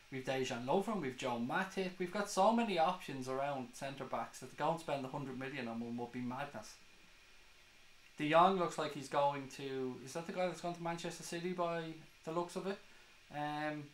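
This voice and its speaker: A man's voice: a little high, fairly bright tone, echoey room, low-quality recording. A man hosting a football fan live stream, chatting casually and swearing as he reads viewer comments. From Ireland.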